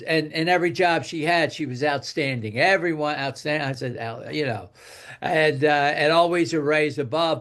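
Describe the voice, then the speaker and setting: An older man with a slightly high voice tells a long personal story in a loose, rambling way. He repeats himself often and goes quieter when he quotes what was said. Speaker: guest speaker telling a testimonial. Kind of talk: casual storytelling.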